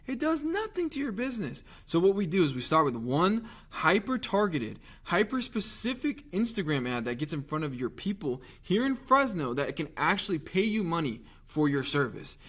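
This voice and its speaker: A young man talking straight to the viewer in a lively, conversational sales pitch, tossing out rhetorical questions. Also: normal speed. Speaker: marketing agency owner pitching local businesses. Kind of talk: direct-to-camera sales pitch.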